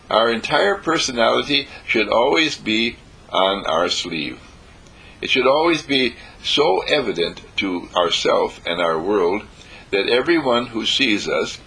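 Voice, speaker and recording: A man with a very husky, gravelly voice delivers an inspirational talk. His pitch sits fairly low but swings widely as he gets carried away, and the tone stays bright and forceful. He talks exuberantly, stacking up repeated affirmations and breaking into laughter. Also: rough recording. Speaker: motivational speaker. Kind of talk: inspirational lecture.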